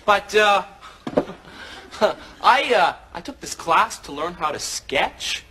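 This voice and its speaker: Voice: mid-range voice, animated, slow pace, pushed and bright, a little hiss or hum. An actor playing a preachy indignant art student. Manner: indignant, lecturing.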